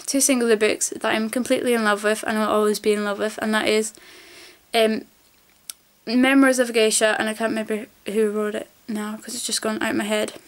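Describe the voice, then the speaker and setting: A woman vlogger chats straight to camera in a loose, rambling way. She gushes about her favourite things, her voice sits a little on the high side, and she drops the odd swear word. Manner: chatty, rambling and gushing, with casual swearing. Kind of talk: casual chat to camera.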